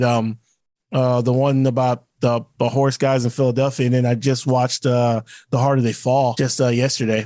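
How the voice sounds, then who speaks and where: A man's voice: medium pitch, a little mellow, dry recording, clean studio sound. A man co-hosting a podcast in casual chat, rambling with restarts and playful acted-out quotes. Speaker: podcast co-host.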